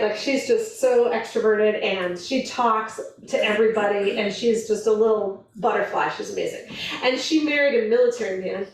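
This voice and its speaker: A woman giving a lively, chatty talk to a live audience, laughing often and acting out little quotes. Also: a little high, a little hiss or hum. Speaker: event speaker on marriage. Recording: echoey hall from a distant mic.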